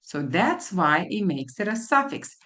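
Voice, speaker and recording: A woman tutor teaching a phonics lesson to children, spelling out letters and repeating each word slowly. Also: lowish voice, very animated, fairly bright tone. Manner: slow, deliberate, spelling out letters and repeating words. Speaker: literacy tutor.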